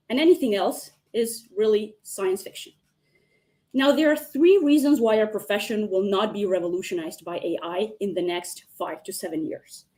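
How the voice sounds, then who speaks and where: A woman makes a formal argument over a video call, in a measured way. She speaks as counsel in a mock hearing and addresses the members of the tribunal directly. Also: mid-range voice, a little mellow. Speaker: counsel arguing against the motion.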